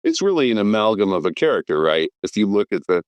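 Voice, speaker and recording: Eager fifty-something guy on a movie podcast, lowish voice, dry close mic. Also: big pitch swings, quick pace, smooth, dry recording. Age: 50s. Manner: enthusiastic, rattles off names and credits, frequent fillers. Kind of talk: casual film podcast chat.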